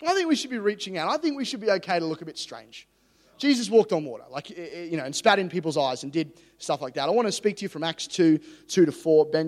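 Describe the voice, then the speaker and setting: A high-pitched man preaches in a lively, joking and excitable way, his voice trailing off into the long reverb of a church hall. He talks fast and loose, building up fervour as he goes. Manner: energetic, jokey, excitable preaching. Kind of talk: sermon.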